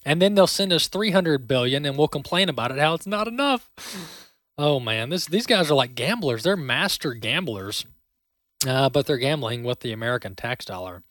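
A man hosting a talk show, giving sarcastic, animated political commentary into a close studio mic. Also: mid-range voice, normal speed, dry recording.

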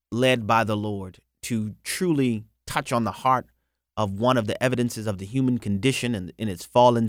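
A man preaches on his radio program, earnest and emphatic, doubling back on phrases to drive each point home. His pitch swings widely as he presses his case. The sound is dry and close, with no room echo.

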